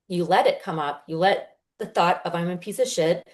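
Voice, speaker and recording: Woman, 30s, low-ish voice, earnest healer guest, chatty explainer. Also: fairly quick, hardly any pauses, darkish tone. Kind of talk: casual podcast interview.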